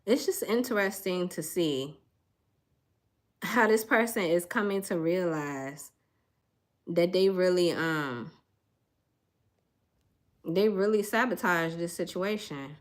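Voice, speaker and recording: A woman's voice: fairly low pitch, slow pace, long pauses. A woman, doing a casual tarot reading and chatting straight to her viewers in a folksy way. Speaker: tarot reader.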